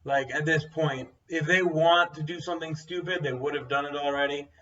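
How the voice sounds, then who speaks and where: A man's voice: a little high, steady tone, normal speed, a bit bright. A young man chatting casually as a co-host. He talks bluntly and rambles, full of fillers. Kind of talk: casual chat. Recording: dull, distant mic sound.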